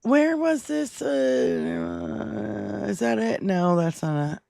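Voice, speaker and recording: A woman's voice: mid-range voice, sing-song, extremely slow, gravelly, dark tone, no echo, clean studio sound. A woman co-hosting a casual political livestream, blunt and exasperated, swearing freely. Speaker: livestream co-host.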